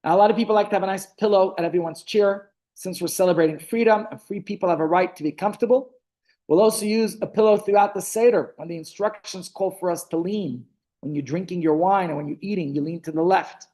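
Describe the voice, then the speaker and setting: A man, a rabbi telling stories in a relaxed class held over a video call, often stopping to restart his sentences. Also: sits high, quick pace. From South Africa. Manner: chatty storytelling, frequent restarts. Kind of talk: online Torah class.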